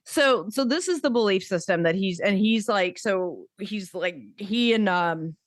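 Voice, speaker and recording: A woman's voice: medium pitch, expressive, measured pace, dry recording. Chatty woman podcast host, dry sound. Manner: rambling, chatty, frequent laughs and restarts. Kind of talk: casual podcast chat.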